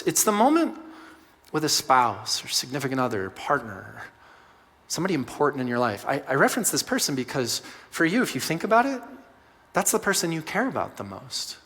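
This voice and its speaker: Bright-voiced man preaching in a hall. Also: high voice. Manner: conversational, addresses the room directly. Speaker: pastor. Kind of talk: sermon.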